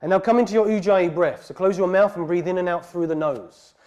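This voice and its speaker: A man teaching a guided yoga class, calmly cueing breaths and poses. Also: high-pitched, a little fast, dull audio. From England. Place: heated yoga studio.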